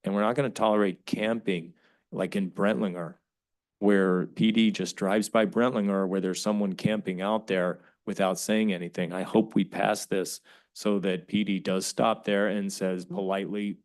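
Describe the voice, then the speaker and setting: A man's voice: deep voice, little pitch movement, moderate pace. Emphatic man debating at a council meeting. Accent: Californian English. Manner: forceful, emphatic, frequent restarts. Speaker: city council member chairing the meeting.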